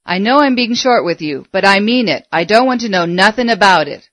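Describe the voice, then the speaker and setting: Curt young male game warden, read by a woman; gruff, short answers, slightly lowered voice, dry recording. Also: animated, brisk, a bit bright, no room sound, lightly acted.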